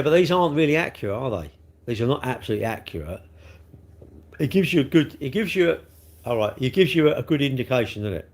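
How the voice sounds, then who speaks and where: Husky and mid-range with a darkish tone, this man's voice belongs to a livestream host in his sixties. Speaking with a South London accent, he responds to comments in a casual, meandering way, ending nearly every remark with a tag question.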